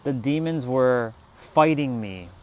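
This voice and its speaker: A man's voice: mid-range voice, expressive, takes it slowly. Man telling a casual spiritual story. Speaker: livestream host. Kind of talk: spiritual talk to a live chat. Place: outdoors, sitting on a rock.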